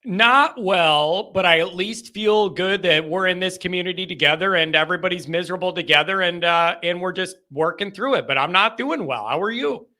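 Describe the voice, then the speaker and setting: A man's voice: high-pitched, moderate pace, hardly any pauses, bright, forceful tone. A male host of a live sports call-in show, talking in a frustrated, rambling way with many restarts. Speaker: podcast host.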